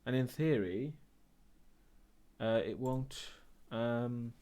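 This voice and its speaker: A man's voice: medium pitch, drawn-out words, dark tone, clean tone. Hesitant, rambling male streamer. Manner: rambling and hesitant, with many ums and restarts. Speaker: live streamer. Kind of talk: casual chat answering viewer questions.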